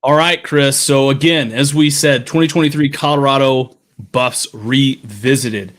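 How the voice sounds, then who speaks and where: A man's voice: medium pitch, fairly even intonation, a little slow, a bit bright. A man co-hosting a casual sports podcast on a headset, laid-back and joking, swearing freely. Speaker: podcast co-host.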